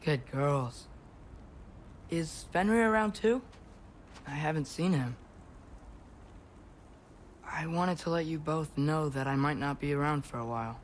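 A man's voice: on the high side, measured pace, long pauses, a little hiss or hum, lightly acted. A man voicing an earnest teenage boy.

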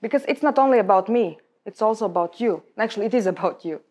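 A young adult woman with a Latvian accent, giving a lecture on public speaking to a room of colleagues in emphatic, halting non-native English. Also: medium pitch, lively intonation, a little mellow. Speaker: guest speaker.

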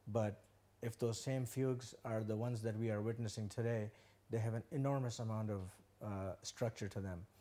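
A man's voice: fairly low pitch, steady tone, normal speed. A man, a guitar teacher, giving thoughtful, hesitant interview answers. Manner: thoughtful, hesitant with many fillers. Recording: soft music in the background.

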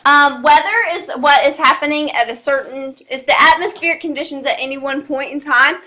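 A woman's voice: high-pitched, a little fast, pushed and bright. A woman teacher giving a casual classroom lecture, full of fillers and asides. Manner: casual, rambling, many fillers. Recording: echoey classroom from a distance.

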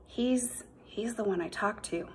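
A woman voicing a gentle teenage girl in an audiobook, soft and hesitant. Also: medium pitch, a little slow, lightly acted. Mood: uneasy. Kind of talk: audiobook character voice.

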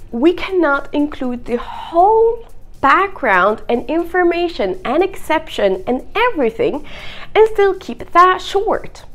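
A young woman teaching English to camera in an expressive, playful video lesson. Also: high-pitched. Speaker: English teacher and content creator.

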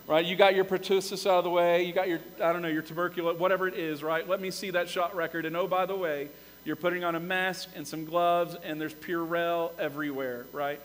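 A man preaching a sermon as pastor, telling the story with lively, animated emphasis that swells to loud peaks. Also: high-pitched, fairly quick, long reverb tail, a little hiss or hum, rough recording. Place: church sanctuary.

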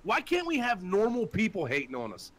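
A man with a high, bright voice rants on a live call-in show. His pitch swings widely as he swears constantly and mocks people in put-on voices. He sounds angry and scornful. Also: wildly swooping pitch, fairly quick. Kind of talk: profane ranting chat.

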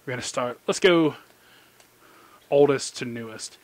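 A man hosting a casual card-pack opening commentary. He rambles excitedly, squeals with delight and mocks himself in quick asides. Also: mid-range voice, dry recording. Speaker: channel host. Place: indoor room under an overhead light.

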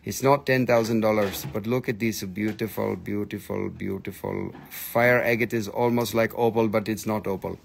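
A man hosting a live rock sale, excitable and jokey, gushing over each piece and chatting to viewers by name. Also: lowish voice, normal speed, gravelly, few pauses, slight background noise. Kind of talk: live selling stream chat.

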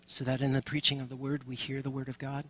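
A man's voice: medium pitch, completely flat delivery, quick pace, fairly bright tone, husky. A man serving as pastor and leading a communion service, speaking earnestly and calling on the congregation directly.

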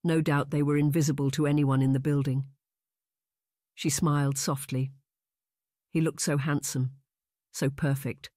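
A man narrating a historical romance audiobook in a measured, even storytelling manner. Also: fairly high pitch, dry recording, studio quality. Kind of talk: scripted narration.

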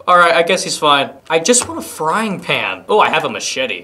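A man hosting a gaming video, commentating with loud, playful exclamations and goofy banter. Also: mid-range voice, big pitch swings, normal speed, few pauses. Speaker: gaming host.

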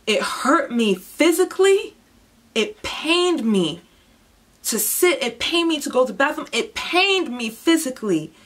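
A young woman shares a personal testimony in a slow, deliberate delivery. Her fairly high voice drops to hushed, heavy tones and then rises into impassioned bursts. Her manner is raw and intense throughout. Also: sing-song. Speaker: testimony speaker.

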